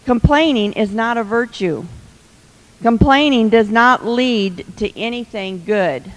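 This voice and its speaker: Woman, advice speaker, slow and chatty with a teasing edge, hall reverb. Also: a little high. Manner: chatty, laughing, teasing asides. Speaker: speaker giving marriage advice to women. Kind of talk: humorous advice talk to a live audience.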